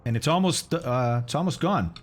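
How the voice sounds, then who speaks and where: A man live-streaming a flight simulator, chatting casually with viewers and explaining instrument approaches while eating, often clearing his throat. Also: mid-range voice, animated, moderate pace, soft background music. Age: adult, has kids.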